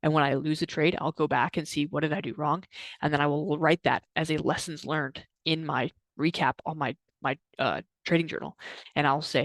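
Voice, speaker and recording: A young adult man giving an energetic motivational talk to camera, repeating himself and using lots of fillers. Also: on the high side, moderate pace, dry recording. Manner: energetic, repetitive, filler-heavy. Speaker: trading coach vlogger.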